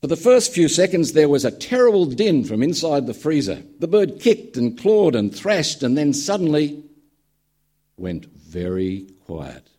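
A man preaching with a husky, slightly breathy voice. His pitch swings widely as he tells a story with dry humour, and his tone is dark and mellow. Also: big pitch swings, measured pace. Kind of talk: sermon with a told joke.

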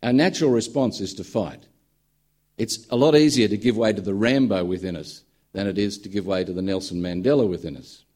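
A man's voice: fairly low pitch, brisk, darkish tone. A man preaching a sermon in a conversational storytelling manner, with dry humour. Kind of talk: sermon with a told joke.

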